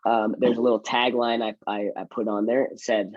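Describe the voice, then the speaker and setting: A man's voice: medium pitch, flat delivery, a little fast, hardly any pauses, a little mellow, dry recording, highs cut off. A man who works in real estate, chatting casually and teaching, self-mocking and acting out his door-knocking lines. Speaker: real estate agent and trainer.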